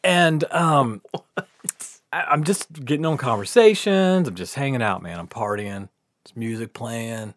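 Animated, laughing man telling a story. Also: mid-range voice, measured pace, dry recording. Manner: animated, laughing, swears often, acts out quotes. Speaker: podcast guest storyteller. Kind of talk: casual storytelling.

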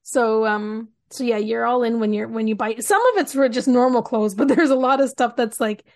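A Canadian woman co-hosting a podcast, chatting casually and telling stories in an animated way. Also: on the high side, moderate pace, dry recording, studio quality. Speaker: podcast co-host. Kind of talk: casual chat.

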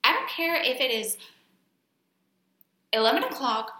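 Bright, emphatic woman in an echoey room. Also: sits high, big pitch swings, measured pace. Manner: emphatic, repeats herself, playful. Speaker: podcast co-host. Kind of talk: casual chat.

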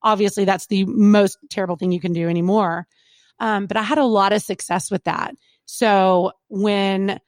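A woman in her thirties, a radio personality, telling stories in a casual interview, chatty and animated with plenty of fillers. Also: medium pitch, dry recording. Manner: animated, chatty, lots of fillers and quoted asides.

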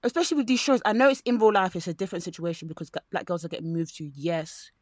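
A woman co-hosting a podcast in casual chat, talking in an animated way and mimicking the people she quotes. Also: on the low side, racing, no room sound, clean studio sound.

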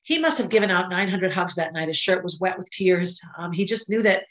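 A middle-aged woman hosting a podcast, telling a personal story with emotion, at times near tears, with pauses and restarts. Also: lowish voice, lively intonation, a bit bright, poor audio. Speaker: podcast host. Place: indoors, filming herself.

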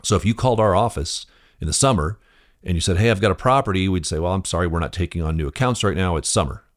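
Talking fast and casually, a man in his fifties hosts a business podcast and recounts a family story. He performs the quoted lines with lively pitch jumps, often restarting and using fillers while speaking straight to the listener.

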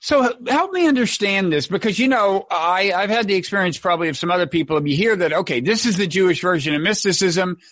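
A man's voice: high voice, lively intonation, quick pace, hardly any pauses, a bit bright, dry recording. A man hosting a podcast interview, asking probing questions with a wry, dry humor. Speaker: podcast host.

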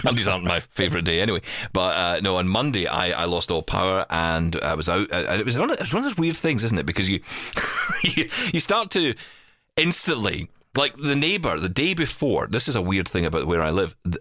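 A man's voice: low voice, sharp tone, dry recording, studio quality. A man hosting a podcast, chatting casually in a playful, rambling, self-deprecating way. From England. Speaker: podcast host. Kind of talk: casual chat.

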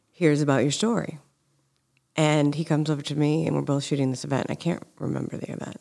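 A woman's voice: deep voice, darkish tone. A woman hosting a conversational interview, telling stories earnestly and acting out quoted dialogue. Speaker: podcast host.

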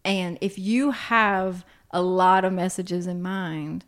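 A woman's voice: fairly low pitch, steady tone, slow pace. A woman who counsels teens, talking frankly and with animation in casual podcast chat, with laughing asides.

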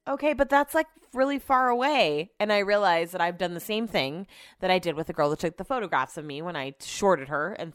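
A middle-aged woman hosting a podcast, telling an animated, profane story and acting out what people said, with a throat she keeps clearing. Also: mid-range voice, no room sound, clean studio sound. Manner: animated, profane, acts out quotes. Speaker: podcast host. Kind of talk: casual storytelling.

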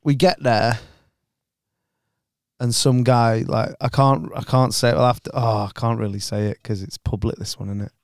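A man's voice: mid-range voice, flat delivery, normal speed, dry recording, clean studio sound. Chatty, sweary man telling a story. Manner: storytelling, sweary, acts out other people's lines. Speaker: podcast co-host. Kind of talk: casual chat.

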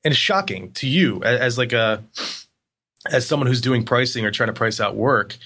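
A man in a casual interview, telling stories in a rambling, animated way with lots of fillers. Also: mid-range voice, normal speed, breathy edge. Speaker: agency guest.

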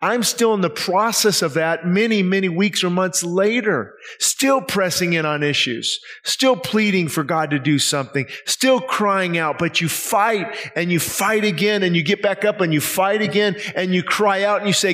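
Male pastor, slightly high voice, earnest and pleading sermon delivery, lots of rhetorical questions. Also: moderate pace, few pauses, a bit bright. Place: church service.

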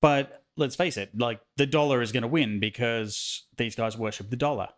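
A man's voice: mid-range voice, fairly even intonation, moderate pace. A man co-hosting a podcast, chiming in casually during a film discussion. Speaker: podcast co-host.

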